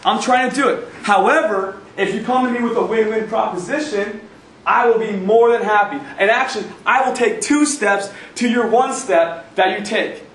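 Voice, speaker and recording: High-voiced young man giving a pep talk. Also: normal speed, a little hiss or hum. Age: young adult. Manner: energetic, emphatic, repeats phrases. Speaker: guest speaker. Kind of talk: motivational talk. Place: university event hall. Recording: echoey room, recorded from far off.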